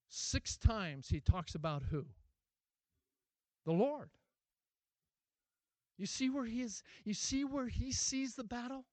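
A man preaching a sermon as pastor, asking many rhetorical questions and repeating his words, moving from loud urgent appeals to a quiet closing prayer. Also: very high-pitched, lively intonation, slow pace, pauses often, no room sound.

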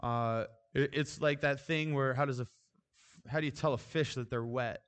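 A man's voice: medium pitch, steady tone, moderate pace, a bit bright. Man preaching in a casual, conversational way. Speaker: pastor. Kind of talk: sermon.

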